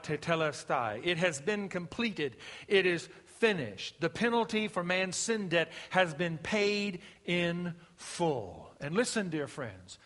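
A middle-aged man delivers a sermon in a high, ringing voice. He preaches with emphatic rises that sink to hushed, drawn-out lines. His voice carries a long reverb. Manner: emphatic preaching, rising and dropping to a hush. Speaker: pastor.

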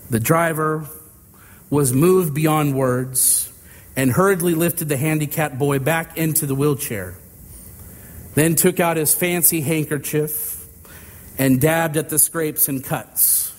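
A man preaching a sermon, telling an illustrative story in a deliberate, drawn-out way. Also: fairly high pitch, in a large hall. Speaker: pastor.

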